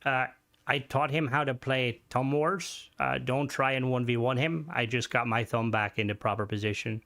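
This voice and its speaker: A man's voice: mid-range voice, fairly even intonation, normal speed, fairly bright tone. A male game streamer chatting casually and profanely with his viewers while he plays. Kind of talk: casual live-stream chat.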